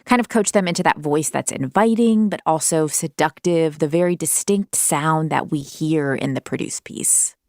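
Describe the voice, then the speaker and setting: A woman's voice: sits low, moderate pace, hardly any pauses, no echo, studio quality. A woman hosting a radio interview, asking curious, conversational questions. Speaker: host.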